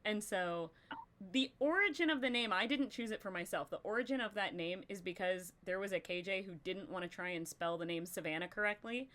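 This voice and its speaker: A woman's voice: mid-range voice, brisk, a bit bright. Rambling young woman chatting on a stream. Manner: rambling, lots of filler likes. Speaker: podcast co-host. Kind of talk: casual live-stream chat.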